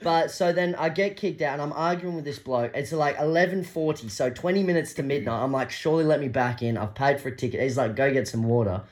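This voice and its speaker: A young Australian man telling a story in casual chat, animated, acting out the voices of the people in it. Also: a little high, fast, few pauses.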